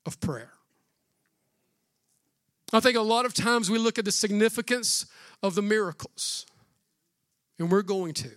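A man preaching a sermon as pastor, in a casual, energetic way with slangy asides. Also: high-pitched, no echo, studio quality.

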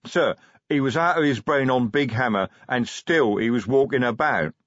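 A man growling as a gruff troll sergeant. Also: medium pitch, a bit bright, no echo, lo-fi sound, pitched above the performer's own voice, lightly acted. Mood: protesting. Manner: slow, broken grammar, growling. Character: big gruff male troll sergeant, protective.

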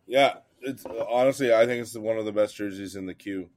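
A man's voice: fairly low pitch, brisk, darkish tone, no room sound. Canadian guy ranting about hockey, swears a lot, dry no-room sound. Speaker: podcast co-host. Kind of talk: casual chat. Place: home, just out of bed.

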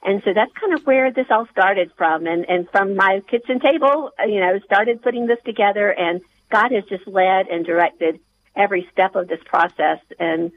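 A woman's voice: medium pitch, normal speed, narrow, tinny audio, slight background noise. A woman author being interviewed on the radio, speaking earnestly with frequent hesitations. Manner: earnest, hesitant, many fillers and restarts. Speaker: author and guest.

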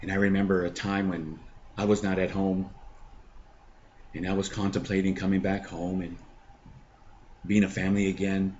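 A middle-aged man hosting a faith podcast, telling a personal testimony in a halting way full of fillers and restarts. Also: low-pitched, level tone, darkish tone, muffled recording, a little hiss or hum. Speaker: podcast host.

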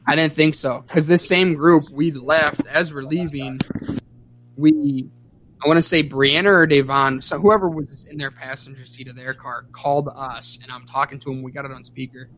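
A man's voice: a little high, steady tone, normal speed, a bit bright, a little hiss or hum. Profane rambling male podcast host. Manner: rambling, profane, many restarts and fillers. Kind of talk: casual storytelling chat.

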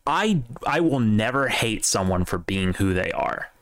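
A man's voice: lowish voice, big pitch swings, a little slow, fairly bright tone, no echo. A man co-hosting a casual stream, talking bluntly and profanely, often restarting his sentences. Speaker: podcast co-host.

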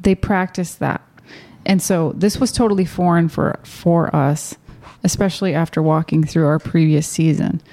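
A woman's voice: deep voice, fairly even intonation, normal speed, dark tone. A middle-aged woman co-hosting a podcast, earnestly affirming and filling in a shared personal story. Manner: earnest, affirming, fills in her husband's story. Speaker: podcast co-host. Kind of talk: casual storytelling chat.

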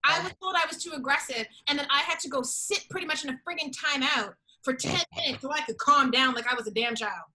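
A young adult woman telling a story in casual chat, expressive and acting out the quoted exchanges. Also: high voice, quick pace, hardly any pauses, poor audio. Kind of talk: animated storytelling.

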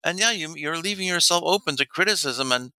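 A man's voice: a little high, a little fast, no room sound. A middle-aged man coaching men on dating, telling stories in casual talk and acting out the dialogue with laughs. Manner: animated storyteller, acts out quoted dialogue, laughs often.

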